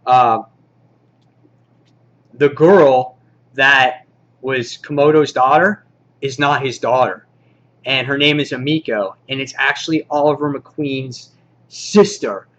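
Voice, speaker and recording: A man's voice: medium pitch, slow pace, long pauses, a bit bright, highs cut off. A man casually reviewing comic books for a weekly countdown video, enthusiastic and rambling, with lots of fillers. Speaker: comic book vlogger.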